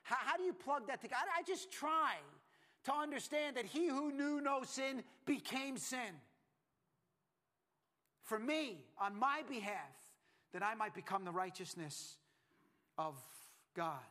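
A pastor preaching a sermon, emphatic and repetitive, swinging from hushed lines to loud ones. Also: male voice, extremely high pitch, animated, a little slow.

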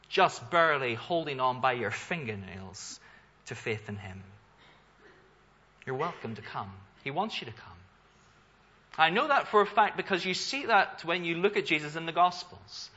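A male pastor preaches earnestly and emphatically, posing rhetorical questions and letting his delivery swell. His slightly husky voice is a little high, bright, and forceful, and the recording is somewhat dull and lo-fi.

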